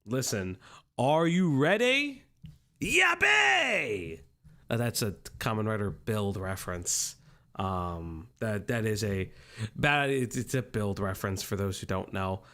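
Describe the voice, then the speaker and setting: This livestream host speaks a little slowly in a fairly low, fairly bright voice. Streaming casually from his home setup through a desk microphone, he greets viewers in a teasing sing-song and drifts into rambling side comments.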